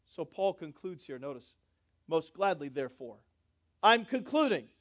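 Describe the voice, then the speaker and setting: A pastor preaching a sermon, moving between loud, drawn-out emphasis and quiet, low asides, and asking his congregation questions. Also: big pitch swings. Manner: swings between loud emphatic lines and soft low asides, drawing out key words; asks the congregation questions and calls for responses.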